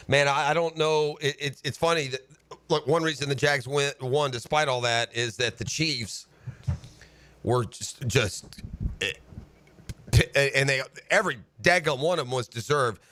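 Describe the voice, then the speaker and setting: A man hosting sports talk radio from a studio mic, breaking down a game in an animated rant that climbs into shouting. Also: medium pitch, no room sound. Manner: animated ranting, building to shouts. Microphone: studio broadcast microphone.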